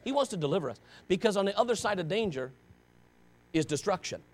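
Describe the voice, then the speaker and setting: High-voiced man preaching with passion. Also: animated, fast talker. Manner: impassioned, conversational preaching with many rhetorical questions. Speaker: pastor. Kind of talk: sermon.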